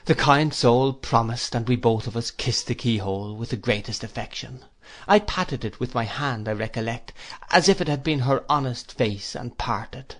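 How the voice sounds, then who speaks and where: Man reading a classic novel aloud. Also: mid-range voice. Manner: measured, reflective storytelling. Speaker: audiobook reader. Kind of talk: audiobook narration.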